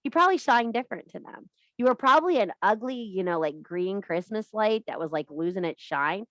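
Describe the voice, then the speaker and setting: A woman's voice: mid-range voice, expressive, brisk, a bit bright, no room sound. Blunt, swearing woman giving a spiritual talk. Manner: blunt and profane, emphatic repetition. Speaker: witchcraft teacher and live streamer. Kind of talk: casual spiritual pep talk.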